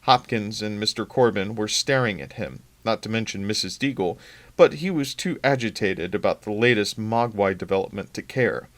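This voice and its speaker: A man, a regular reader on a local channel, reading a novel aloud in steady, plain narration. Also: on the low side, normal speed.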